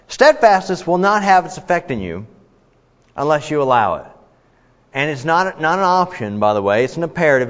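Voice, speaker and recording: A man teaches a Bible study in a slightly high voice, talking to the group in a conversational, emphatic way and often restarting his sentences. His voice rings with a long reverb in a hall, and the recording sounds a bit dull.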